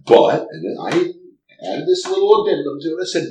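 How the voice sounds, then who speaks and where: A man's voice: fairly high pitch, a little fast, recorded from a distance. A man who runs tabletop games, chatting casually, starting sentences over and over as he tells stories. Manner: stammering restarts, lively storytelling. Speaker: game master. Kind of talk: casual podcast chat. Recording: roomy echo, from the mic.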